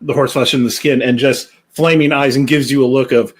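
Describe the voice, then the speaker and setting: A man running a tabletop role-playing game, narrating scenes slowly and deliberately. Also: mid-range voice, fairly even intonation. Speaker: game master.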